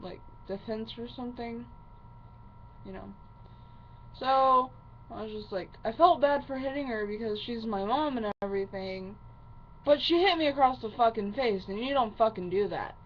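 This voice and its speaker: Fiery young-sounding woman venting to camera, full of profanity, slightly high voice, faint hiss behind. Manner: heavy swearing, fiery and upset. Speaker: vlogger. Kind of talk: angry personal rant to camera. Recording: muffled lo-fi recording with faint hiss.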